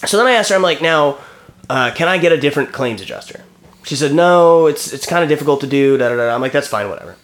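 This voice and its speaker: A man's voice: on the high side, lively intonation, fast, a bit bright. A man in his thirties telling a story in casual chat, acting out phone calls and swearing freely. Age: 30s.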